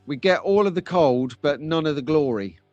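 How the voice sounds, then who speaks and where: A man's voice: fairly high pitch, animated, moderate pace, a little mellow, no echo, lo-fi sound, soft background music. Chatty man hosting a live stream. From England. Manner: chatty, jokey, reads out chat comments. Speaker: host of a live slot car stream. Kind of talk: casual live-stream chat. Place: home.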